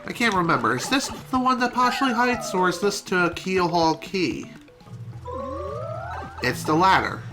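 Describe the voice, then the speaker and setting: A woman's voice: lowish voice, sing-song, measured pace, pauses often, over music. A woman streaming a video game, with casual, wry commentary.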